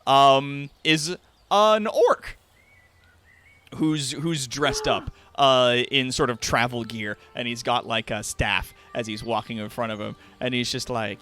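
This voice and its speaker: A man running a tabletop game as game master, narrating in an unhurried way, with lots of fillers and frequent laughter. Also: medium pitch, fairly even intonation, pushed and bright, soft background music.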